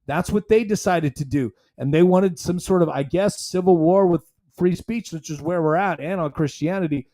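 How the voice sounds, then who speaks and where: Rambling and conversational yet emphatic, this man runs a solo commentary podcast as its host. His voice sits high but has a dark tone, and he keeps a moderate pace.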